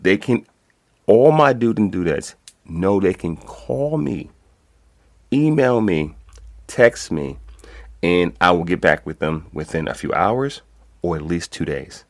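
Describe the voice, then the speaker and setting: A man speaks in an extremely low, booming register. He talks as a guest in a lively, streetwise way, tossing in curses and checking in with his listener. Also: slow pace, long pauses. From Brooklyn, New York. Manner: animated, streetwise, swears freely, many "you know what I'm saying". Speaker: guest, code enforcement instructor. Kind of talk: casual interview talk.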